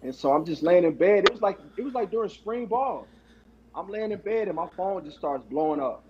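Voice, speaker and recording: A man's voice: high-pitched, lively intonation, brisk, lo-fi sound, background noise. A man in his forties, a former football player, casually telling a story with slang and frequent laughs. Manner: laid-back, laughs often, slangy.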